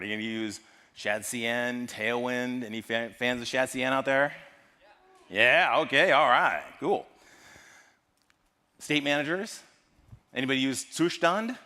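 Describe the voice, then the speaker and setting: An American man giving a lively, joking tech talk at a live conference and quizzing the audience. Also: medium pitch, normal speed. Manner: lively, jokey, polls the audience. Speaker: conference speaker. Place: large conference hall. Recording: long hall reverb from a live stage.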